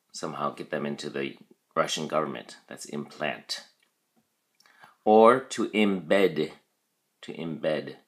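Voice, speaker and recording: A man teaching a recorded vocabulary lesson, explaining patiently, checking in with "okay" and modeling syllable stress slowly. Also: a bass voice, fairly bright tone.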